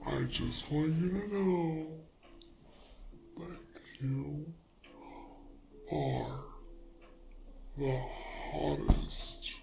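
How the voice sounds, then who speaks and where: A man doing a crawling, gravelly slow-motion flirty woman. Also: medium pitch, warm tone, slight background noise, full character voice, poor audio. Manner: drawn-out, halting and teasing. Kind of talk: slow-motion comedy skit.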